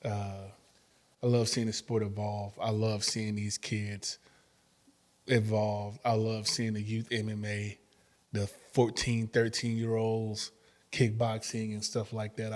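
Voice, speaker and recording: A former fighter telling stories in a casual interview, acting out quotes and laughing often. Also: male voice, on the low side. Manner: animated storyteller, acts out quotes, laughs often.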